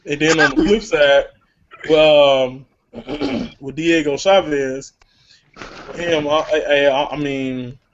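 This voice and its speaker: A man's voice: a little high, slow pace, pauses often. A man hosting a casual boxing talk show, rambling with many stammered restarts. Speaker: podcast host. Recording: lo-fi online call with faint hiss.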